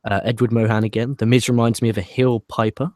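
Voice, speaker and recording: A man's voice: mid-range voice, little pitch movement, fast, a little mellow, no echo, clean studio sound. A man with a British accent co-hosting a casual wrestling podcast, reading out viewer comments with wry, dismissive asides. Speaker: podcast co-host.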